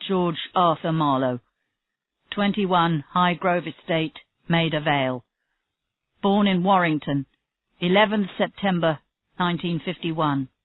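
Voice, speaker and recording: A woman reading the part of a defensive male murder suspect in a story, in a plain, slow voice. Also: on the low side, no room sound, lightly acted. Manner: stubborn denials, rising to angry shouts. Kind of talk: reading a graded story aloud. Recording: tinny phone-like audio, dry.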